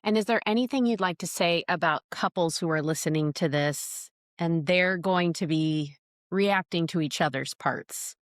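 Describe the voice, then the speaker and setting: A woman's voice: on the low side, normal speed, no room sound, studio quality. A woman hosting an interview, listening and agreeing. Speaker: podcast host. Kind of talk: conversational interview.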